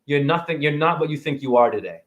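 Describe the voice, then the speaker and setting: A man in his forties rants on a phone livestream, sermonizing to his viewers and peppering them with questions. His voice sits high for a man and leaps and dips all over the place. He is blunt, preachy and happy to swear. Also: lively intonation, fast talker. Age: 40s. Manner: preachy, combative, swearing, asks the audience questions. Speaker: livestream host. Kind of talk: rambling livestream monologue.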